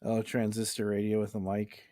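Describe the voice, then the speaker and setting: A man's voice: lowish voice, completely flat delivery, moderate pace, mellow. A man casually showing off his home recording gear in a rambling, easygoing way. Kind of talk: casual show-and-tell chat. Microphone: webcam.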